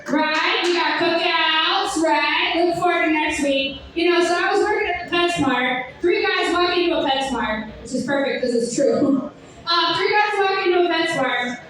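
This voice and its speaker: A young woman doing a stand-up comedy set with a sardonic, rambling delivery, breaking into sung and shouted bits. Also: very high-pitched, lively intonation, normal speed, background noise. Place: comedy club stage. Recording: echoey club from far off.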